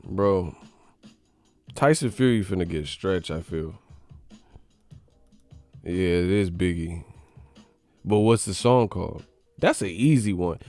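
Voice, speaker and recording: A man hosting a boxing channel livestream, chatting casually with slangy, profane banter and shout-outs to viewers. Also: low-pitched, animated, takes it slowly, long pauses, faint music behind. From California.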